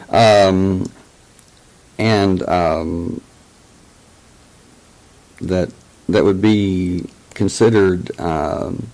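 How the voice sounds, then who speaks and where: Man, deep slow voice, halting casual storyteller with lots of fillers. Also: darkish tone, low-quality recording. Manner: hesitant, full of fillers and restarts. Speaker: channel host telling a personal story.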